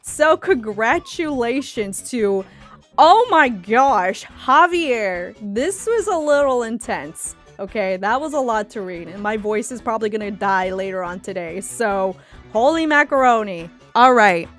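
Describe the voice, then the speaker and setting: Upbeat woman host for a gaming channel, rather high voice, talks over faint music. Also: expressive, a little slow, fairly bright tone. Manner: chatty, exclamatory, laughs easily. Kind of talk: casual gaming video commentary.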